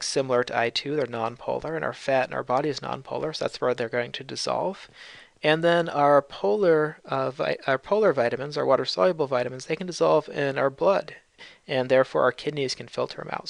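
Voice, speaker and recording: Guy doing a chill chem lecture voice-over, bit of vocal fry, kinda jokey. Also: a little high, dry recording. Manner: casual, lightly jokey explaining with fillers. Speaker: chemistry teacher. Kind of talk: recorded slide lecture.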